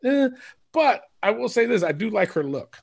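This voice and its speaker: A man's voice: high voice, lively intonation, fairly quick, creaky, slightly rough. A man co-hosting a podcast in casual chat, rambling and swearing freely, often laughing. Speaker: podcast co-host.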